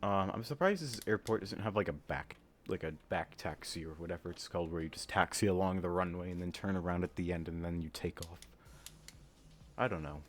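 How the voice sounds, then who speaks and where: A low-pitched man, a flight sim gamer, casually comments on his gameplay, thinking aloud with many pauses and filler words and breaking into sudden excited outbursts. Slight background noise is audible.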